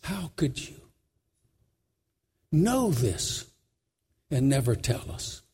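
A man voicing a young tribal man who asks slow, pleading questions in grief. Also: mid-range voice, very animated, darkish tone, breathy edge, voice pushed down, exaggerated voice. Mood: anguished.

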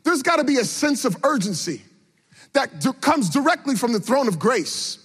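Preaching at a moderate pace, this middle-aged man has a fairly high voice with a slight huskiness, and his pitch swings widely. His sermon moves from hushed narration to impassioned, almost sung appeals, with key phrases repeated for force. A long hall reverb surrounds the sound.

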